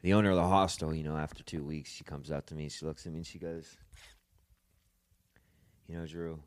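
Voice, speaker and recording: Deep-voiced young man telling a hard story. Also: steady tone, no room sound. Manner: halting, repeats words, swears casually. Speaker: podcast guest. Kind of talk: personal storytelling.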